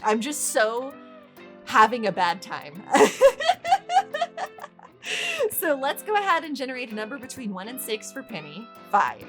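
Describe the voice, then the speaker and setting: A woman hosting casual gameplay commentary, exasperated, swearing freely and laughing often. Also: a little high. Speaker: gaming channel host.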